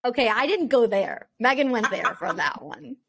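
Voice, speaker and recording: A woman's voice: a little high, very animated, moderate pace, fairly bright tone, dry recording, clean studio sound. A woman co-hosting a casual sports podcast, emphatic and jokingly exasperated. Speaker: podcast co-host. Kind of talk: casual chat.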